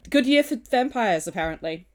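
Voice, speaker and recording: A woman's voice: a little high, lively intonation, a little fast. A woman co-hosting a film podcast who chats casually and drops dry, wry asides. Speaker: podcast co-host.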